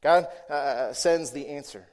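A man's voice: on the high side, takes it slowly, a little mellow, in a large hall. A man preaching a sermon in a church, talking conversationally with constant "right?" and "okay?" check-ins, repeating himself and rising into emphatic bursts. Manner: self-correcting, repeats words; emphatic bursts when stressing a point. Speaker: pastor.

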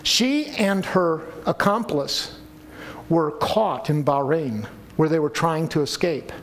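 A man's voice: on the high side, takes it slowly, a little hiss or hum. A man preaching a sermon to a congregation, earnest and pleading at times. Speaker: pastor.

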